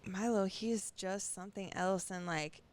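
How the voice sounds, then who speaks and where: A woman's voice: mid-range voice, measured pace. A woman co-hosting a podcast, talking casually with lots of fillers and an occasional curse. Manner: chatty with frequent "like" fillers and cursing. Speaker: podcast co-host. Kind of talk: casual chat.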